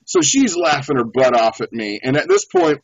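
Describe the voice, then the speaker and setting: A man's voice: mid-range voice, animated, moderate pace, crowd noise. A man guesting on a show, telling a story in a casual, laughing way. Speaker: beekeeper guest. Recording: dull lo-fi audio.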